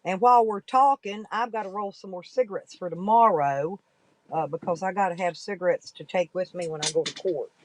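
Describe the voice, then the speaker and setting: A woman's voice: fairly low pitch, brisk, low-quality recording. Blunt woman, rambling. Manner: blunt, folksy and profane. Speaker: livestreaming vlogger. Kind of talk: casual rambling talk to viewers.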